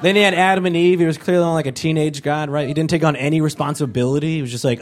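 A man's voice: fairly high pitch, fairly quick. A man performing a stand-up comedy set, animatedly acting out the characters he quotes. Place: live comedy venue. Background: audience laughter.

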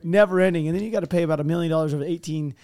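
A man chatting casually as a co-host, blunt and profane, quick to laugh. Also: a little high, a little mellow. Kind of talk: casual chat.

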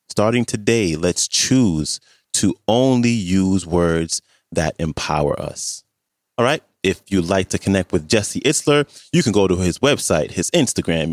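A man hosting a podcast, reading a calm, measured outro. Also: deep voice, no room sound, studio quality. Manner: calm, measured, reads listings. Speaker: podcast host. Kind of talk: scripted outro.

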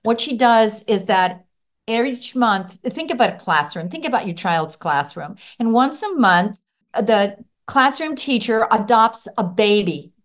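A middle-aged woman who used to teach, a guest on a podcast interview, telling stories in a lively way and acting out what children said. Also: fairly high pitch, measured pace. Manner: animated storyteller acting out children's voices. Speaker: guest author and former teacher.

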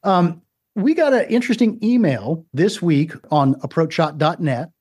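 A man's voice: a little high, expressive, normal speed, a little mellow, breathy edge. A male golf podcast co-host in casual chat, joking and chatty. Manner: joking, chatty, mimics voices.

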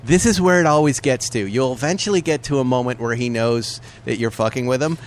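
A man co-hosting a podcast in casual chat, an animated, profane storyteller who laughs often. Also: medium pitch, brisk, slight background noise. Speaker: podcast co-host. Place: breakfast nook of a restaurant.

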